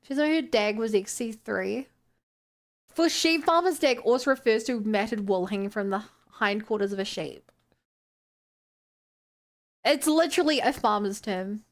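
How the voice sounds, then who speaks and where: A woman's voice: on the high side, measured pace, long pauses. A young woman with a New Zealand accent, chatting casually with her stream audience in a playful, incredulous way. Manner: playful, exclaims in disbelief, laughs. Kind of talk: casual stream chat, reading chat.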